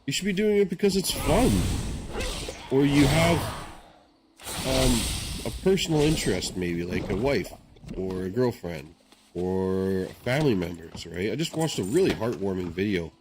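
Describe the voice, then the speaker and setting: A man's voice: fairly low pitch, expressive, moderate pace, noisy background. A man streaming a game, talking casually in a rambling, chatty way and often checking in with "right?". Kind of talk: casual chat while gaming.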